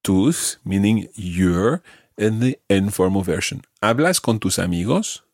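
This is a Spanish language lesson: a man with a lowish voice and lively intonation patiently demonstrates verb forms and stress, pronouncing slowly so a learner can repeat. There's no room sound, just clean studio audio.

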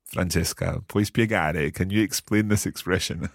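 A man hosts a language podcast lesson, upbeat and explanatory. His voice is very low and a touch husky, with lively pitch, recorded dry and close. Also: normal speed, no room sound. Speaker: language teacher and podcast host.

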